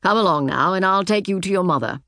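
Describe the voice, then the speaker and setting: A woman voicing a terse old white-haired Englishman, a boatman with an English accent who speaks briskly and gives no explanations. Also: mid-range voice, pushed and bright, no room sound, clean studio sound.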